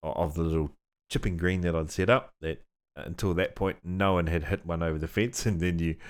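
A man's voice: sits low, fairly even intonation, a little fast. A man co-hosting a podcast in a studio, rambling casually with lots of fillers, easy laughs and offhand swearing. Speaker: podcast co-host. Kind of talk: casual chat.

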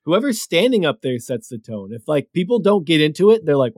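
A man's voice: on the high side, sing-song, a little fast, no room sound, clean studio sound. A man co-hosting a podcast, chatting casually and agreeing with brief remarks.

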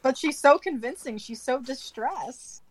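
A woman's voice: high voice, measured pace, breathy edge, no room sound, poor audio. A woman playing a tabletop role-playing game, easygoing and explaining things in casual chat. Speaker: player.

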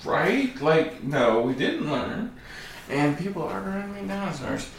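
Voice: mid-range voice, big pitch swings, measured pace, creaky, a little hiss or hum. A co-host chatting casually, with frequent hesitant restarts. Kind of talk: casual chat. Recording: echoey room.

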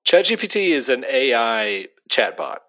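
Deadpan man co-hosting a podcast. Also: mid-range voice, normal speed. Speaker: podcast co-host. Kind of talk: casual chat. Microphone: remote call.

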